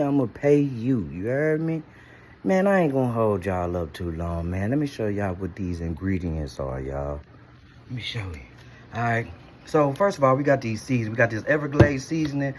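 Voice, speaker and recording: A man's voice: mid-range voice, expressive, moderate pace, darkish tone. A man hosting a casual cooking vlog, chatty and slangy, calling his viewers y'all all the time. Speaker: cooking vlogger.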